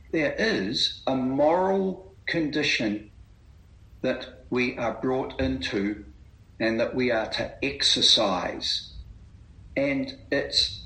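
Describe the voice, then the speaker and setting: Man, preacher, slow, earnest, bright, roomy echo. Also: medium pitch. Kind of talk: Bible reading meeting talk.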